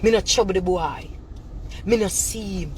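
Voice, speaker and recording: A Jamaican woman and mother ranting in a callout video, confrontational and repetitive in thick patois, breaking into shouts. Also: mid-range voice, moderate pace, heavy background noise. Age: adult mother. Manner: bursts into shouting.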